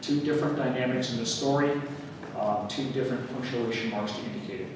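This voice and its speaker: Man, workshop lecture, relaxed and wry, distant mic, hissy background. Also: mid-range voice, a little fast. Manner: relaxed teaching with fillers, wry asides. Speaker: writing workshop speaker. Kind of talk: lecture at a writers' meeting. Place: meeting hall. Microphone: room recording from a distance. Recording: echoey hall recorded from far off with noise.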